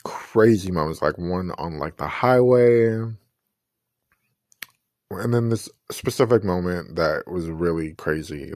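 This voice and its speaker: Recorded in a clean studio with no room sound, a podcast host with a lowish, darkish voice offers earnest, reflective personal commentary on his own show, often restarting his sentences.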